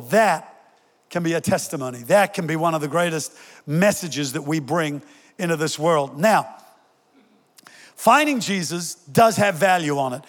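An older man preaching a sermon as pastor, energetic and joking with his congregation, rising in pitch when he quotes scripture. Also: moderate pace. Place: large church hall. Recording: long reverb in a large hall.

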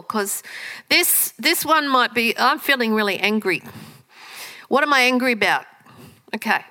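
Bright-voiced woman giving a talk. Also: a little high, poor audio. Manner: lively, animated, with frequent fillers and restarts. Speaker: speaker teaching communication skills. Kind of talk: live talk to an audience.

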